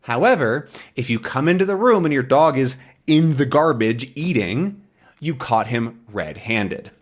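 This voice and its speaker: A man's voice: medium pitch, measured pace. A man teaching English, patiently explaining words from a comic with everyday examples. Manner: animated voice, jumps into acted quotes. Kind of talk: language lesson explaining a comic.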